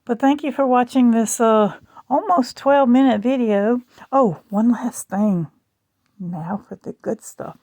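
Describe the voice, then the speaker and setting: Slow, gravelly-voiced woman vlogger. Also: a little high, dark tone, dry recording. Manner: rambling, chatty, slow and drawling. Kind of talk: casual chat. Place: at home.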